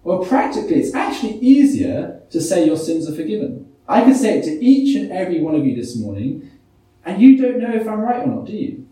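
A man's voice: sits high, very animated, a little fast, dark tone. A man preaching a sermon, reading scripture and putting many rhetorical questions to the congregation. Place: church. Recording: echoey church hall, mic from a distance.

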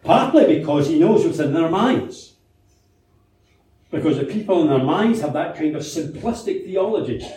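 This preacher's voice sits on the high side, mellow and lively in intonation, at a normal speed. He delivers his sermon in a conversational way, asking rhetorical questions and telling anecdotes, recorded from afar in a very echoey church hall.

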